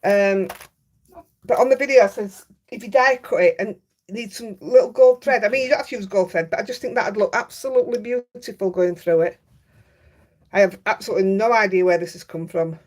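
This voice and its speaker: With a darkish tone and medium pitch, a woman from Yorkshire chats through her craft livestream at a fairly quick pace. She's chatty, laughs readily, and reads viewers' comments aloud in this casual live chat.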